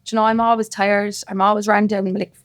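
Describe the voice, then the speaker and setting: A woman's voice: mid-range voice, flat delivery, fast. A woman with a Cork Irish accent, a podcast guest telling her story in casual chat, rambling and emphatic, with plenty of "like". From Cork, Ireland.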